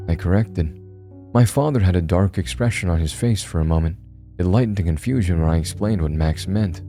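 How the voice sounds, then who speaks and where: A man giving a steady, measured scripted narration of a horror story. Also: low voice, soft background music.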